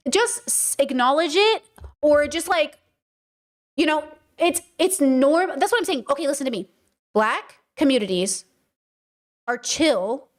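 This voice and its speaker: A young woman hosting a casual livestream podcast, talking in an emphatic, chatty way with many fillers and restarts. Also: high-pitched. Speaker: podcast host.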